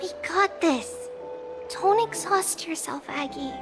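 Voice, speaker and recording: A high-pitched, lively young woman companion in a video game, eager and earnest, her voice bouncing up and down. Game music runs behind her. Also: slow, heavily acted. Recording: game audio with music underneath.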